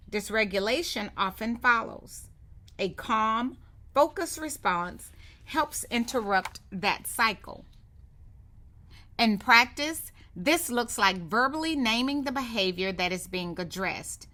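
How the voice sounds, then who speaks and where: Bright-voiced woman narrating a training course. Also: on the high side. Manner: calm, measured instructional delivery. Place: studio voiceover.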